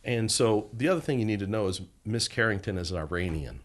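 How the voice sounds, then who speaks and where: Man telling a story, low voice. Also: fast talker. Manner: animated storyteller acting out quoted dialogue. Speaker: podcast guest, former federal agent. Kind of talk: storytelling in a podcast interview.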